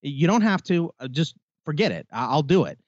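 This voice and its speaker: A man's voice: a little high, moderate pace, dry recording, dull audio. A man co-hosting a podcast, telling a story in casual chat and acting out the people in it. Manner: animated storytelling with quoted voices. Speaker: podcast co-host.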